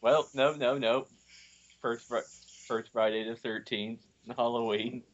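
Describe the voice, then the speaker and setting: A man speaks very slowly and haltingly, pausing and restarting as he chats with friends over a movie. His voice sits mid-range, and the recording sounds dull and lo-fi. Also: medium pitch, steady tone. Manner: hesitant, halting, chuckling. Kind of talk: casual chat.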